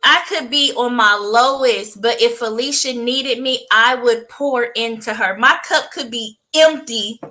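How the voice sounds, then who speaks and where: A woman co-hosting a podcast, telling personal stories in casual chat with an expressive, emphatic delivery. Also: on the high side, a little slow, hardly any pauses, low-quality recording. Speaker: podcast co-host.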